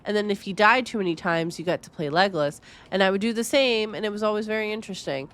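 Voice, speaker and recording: A woman streams a game and reacts in casual, rambling commentary. Her mid-pitched voice chatters freely and breaks into laughter often. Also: quick pace, a bit bright.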